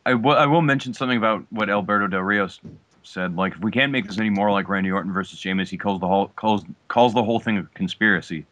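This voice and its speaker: Low-voiced man with dry quips, lo-fi. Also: fast, a bit bright, no room sound. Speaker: podcast co-host. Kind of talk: casual wrestling recap chat. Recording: dull lo-fi mic.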